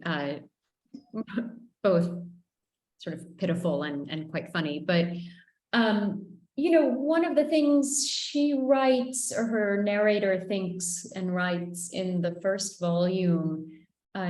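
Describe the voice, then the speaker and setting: Playful woman interviewer in a roomy space. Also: on the low side. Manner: playful, reads audience questions. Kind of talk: conversational literary interview. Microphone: video call. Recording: roomy video call audio.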